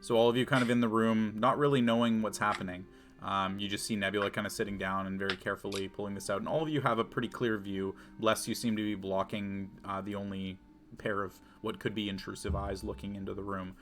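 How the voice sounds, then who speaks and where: A man acting as game master, narrating a tabletop game in a measured, descriptive way. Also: fairly low pitch, flat delivery, fairly bright tone.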